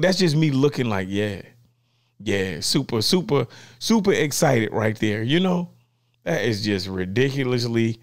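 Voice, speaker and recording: Excited man unboxing gear. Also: medium pitch. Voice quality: animated, playful, slangy. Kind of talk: excited casual vlog.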